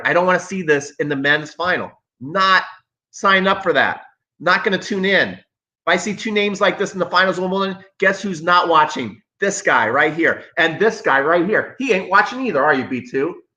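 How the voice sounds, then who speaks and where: Sarcastic, bright-voiced male tennis host. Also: a little high, expressive, normal speed, highs cut off. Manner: sarcastic, emphatic, repeats himself. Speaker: tennis coach and channel host. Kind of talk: live-streamed commentary.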